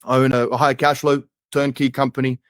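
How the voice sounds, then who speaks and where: A man's voice: medium pitch, level tone, fairly quick, no room sound, clean studio sound. A man in his thirties from Australia with an Australian accent, a jokey, chatty interview guest who keeps saying "mate". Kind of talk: casual interview talk.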